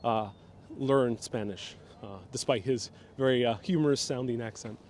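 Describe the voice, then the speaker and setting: A man from New York with a Puerto Rican family casually hosts a live walking tour in a waterfront park, filming on a phone camera on a gimbal. His mid-range, darkish voice moves at normal speed, with a little hiss or hum. As a live-stream host and city guide, he chats and laughs while reading viewer comments.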